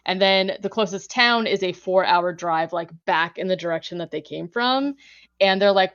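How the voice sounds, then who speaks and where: A woman podcast host loosely recaps a horror film in a chatty way, packing in fillers like "like" and laughing often. Her voice is lowish and fairly bright, at normal speed, with lo-fi sound quality.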